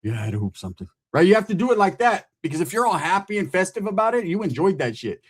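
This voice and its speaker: A man's voice: sits high, very animated, quick pace, husky. A man from California telling a rambling, profane street story in casual talk, acting out the other people in it.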